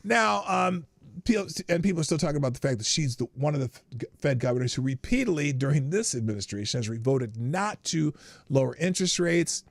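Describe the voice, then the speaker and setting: Gravelly-voiced older man, chatty commentary. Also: fairly high pitch, lively intonation, a little fast, dry recording. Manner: chatty, laughs often, reads articles aloud with asides. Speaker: host of a news commentary stream. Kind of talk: casual live news commentary.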